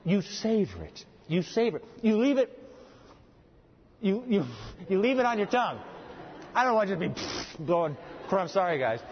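Preacher, male, high folksy voice, long hall reverb, slightly muffled. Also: moderate pace, a little hiss or hum. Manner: folksy, animated, jokes with the audience. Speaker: pastor. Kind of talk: sermon with live demonstration. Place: church hall with audience.

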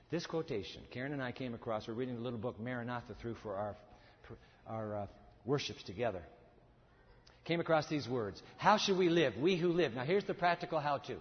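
A male preacher delivering a sermon, swinging from loud exhortation to hushed intensity, in a church. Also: medium pitch. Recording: echoey hall, dull lo-fi sound.

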